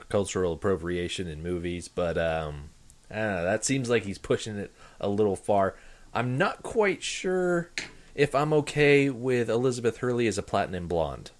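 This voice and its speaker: A man with a fairly low voice, guesting on a podcast. He talks in a relaxed, rambling way with plenty of "uh"s and pauses as he gathers his thoughts. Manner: relaxed, rambling, hesitant with fillers. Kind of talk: casual podcast chat.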